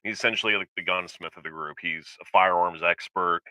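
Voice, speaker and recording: A man chatting casually as a show's co-host, his voice low yet very bright and forceful. He rambles, trailing into fillers and restarting his sentences, and his tone stays smooth and clear. The sound is dry and close to the mic. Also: fairly even intonation, brisk, no room sound, rough recording. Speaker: podcast co-host. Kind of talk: casual chat.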